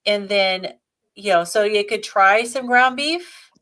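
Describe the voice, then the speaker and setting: A woman's voice: mid-range voice, slow pace, fairly bright tone. A woman co-hosting a live Q&A, explaining practical advice step by step in a casual, conversational way. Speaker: co-host. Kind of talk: live Q&A chat.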